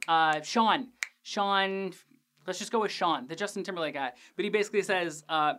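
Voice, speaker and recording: A young man hosting a podcast, recapping an episode in a casual, animated, jokey way with crude asides and lots of fillers. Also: fairly high pitch, normal speed. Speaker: podcast host reviewing a TV episode.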